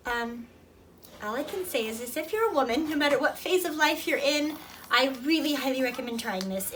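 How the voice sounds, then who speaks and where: A woman's voice: high voice, a bit bright. A woman and mother giving a heartfelt review to camera, earnest and emotional, rambling with fillers. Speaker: product reviewer, mother of toddler twins. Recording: distant mic with clear background noise.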